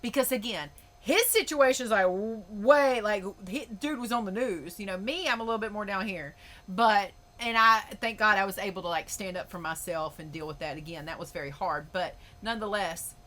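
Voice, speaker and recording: A woman's voice: medium pitch, normal speed, fairly bright tone. A woman hosting a podcast, ranting in a blunt, emphatic way and swearing freely. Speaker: podcast host. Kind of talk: opinionated podcast monologue.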